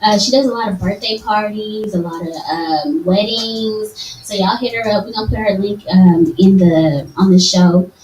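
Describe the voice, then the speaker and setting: A woman co-hosting a casual podcast, playful and animated, with loud laughs and exclamations. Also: medium pitch, moderate pace. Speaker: podcast co-host. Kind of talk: casual chat. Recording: echoey room, far from mic, faint noise.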